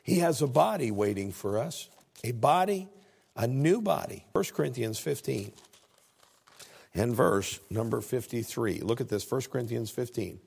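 A male pastor preaches earnestly, reading scripture aloud. His voice has a gravelly, husky grain at a middling pitch, and he often stumbles over repeated words. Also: lively intonation, a little slow, darkish tone. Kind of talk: sermon.

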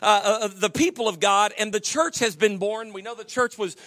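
A man's voice: high voice, normal speed, a bit bright. A male pastor preaching a sermon with folksy humor and many stammering restarts.

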